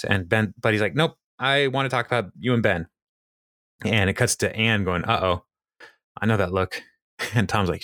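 A man's voice: fairly low pitch, fairly bright tone, no room sound, clean studio sound. A man chatting casually on a podcast, retelling a TV episode with frequent laughs and fillers. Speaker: podcast co-host. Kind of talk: casual chat recapping a TV episode.

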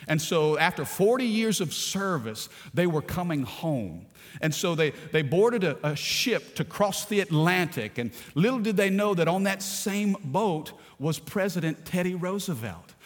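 A middle-aged man from Louisiana, preaching a sermon in a storytelling way that swings from hushed to shouting. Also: a little high, in a large hall. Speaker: pastor.

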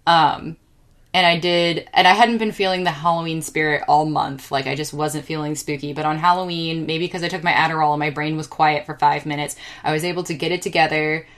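A woman with a fairly low voice chats on a podcast, rambling from one thought to the next. She gets excitable and fills her talk with ums and restarts. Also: a little fast. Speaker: podcast co-host. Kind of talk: casual chat.

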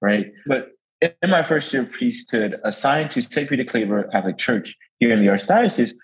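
A young man with a relaxed New Orleans drawl talks through his story in an easygoing interview. He laughs often and brightens when he quotes people. His pitch sits at an ordinary middle height. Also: moderate pace, low-quality recording. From New Orleans, Louisiana. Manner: warm storytelling, laughs often, animated quoting. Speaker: guest priest. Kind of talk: casual interview chat.

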